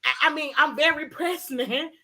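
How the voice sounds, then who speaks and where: A woman's voice: high voice, moderate pace, bright, forceful tone. A woman hosting a casual talk, ranting in a heated, emphatic way and repeating her points. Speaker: host. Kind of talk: casual chat.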